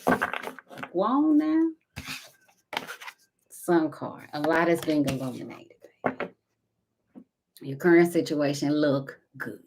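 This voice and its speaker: A woman giving a casual spiritual tarot reading, talking intimately to viewers and calling them baby and honey, sometimes dropping to a soft whisper. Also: low-pitched, a little slow, long pauses. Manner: intimate and chatty, calls listeners baby and honey. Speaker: tarot card reader.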